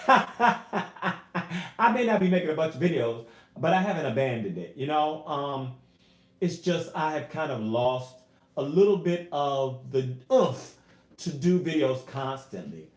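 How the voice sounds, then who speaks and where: A man's voice: mid-range voice, unhurried, reverberant. A man, a singer and YouTuber, chatting casually on a live stream from home, earnest and emotional as he talks to his viewers. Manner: emotional, earnest, animated, addresses viewers as y'all.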